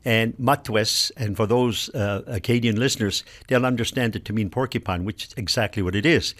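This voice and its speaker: A man's voice: on the low side, a little fast. Older man from Nova Scotia, linguist guest; patient, methodical explainer. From Nova Scotia, Canada. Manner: patient, explains word by word with examples. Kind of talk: explanatory radio conversation.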